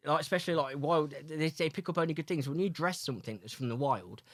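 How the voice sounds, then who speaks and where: A man's voice: a little high, quick pace, fairly bright tone. A man with a Cardiff Welsh accent, hosting a casual podcast with friends, rambling and self-mocking, often laughing. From Wales. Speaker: podcast host. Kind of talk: casual banter among friends.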